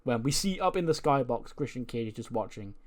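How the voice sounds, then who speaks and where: A man's voice: medium pitch, animated, brisk, darkish tone. A man narrating a wrestling management game in a chatty way, laughing often as he goes. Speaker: gaming video host.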